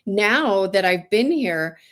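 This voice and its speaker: A woman from California with Greek heritage, guesting on an interview and telling her story with energy. She brings her tales to life by putting on the voices of the people she quotes, and her pitch sits in the middle of the usual range for a woman. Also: lively intonation, takes it slowly, a bit bright. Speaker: guest, farmer.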